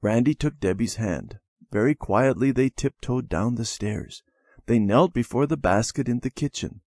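A man narrating a children's storybook in an expressive read-aloud manner. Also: medium pitch, moderate pace, dry recording, studio quality.

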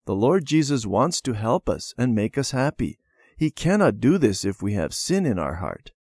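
Kind patient dad voice, earnest, lively pitch, man reading it, storybook reading. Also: moderate pace, slightly rough, no echo. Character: gentle, patient father teaching his children.

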